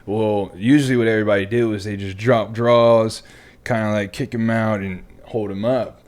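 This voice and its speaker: A man hosting a podcast, a military veteran telling stories in casual chat who swears freely, laughs often and drops to a hushed voice for asides. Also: fairly low pitch, fairly even intonation, moderate pace.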